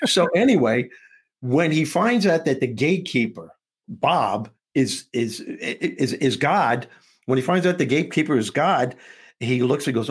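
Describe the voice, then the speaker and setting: Husky man telling a story with voices. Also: mid-range voice, animated, a little slow. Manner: acts out dialogue between characters, laughing often. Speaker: guest author and comedian. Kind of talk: animated storytelling in an interview.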